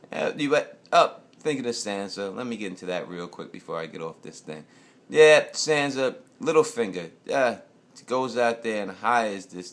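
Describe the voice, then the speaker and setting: A man's voice: deep voice, gravelly, a bit bright. An American man giving a loose, profane, rambling casual review of a TV episode. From United States. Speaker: TV show reviewer.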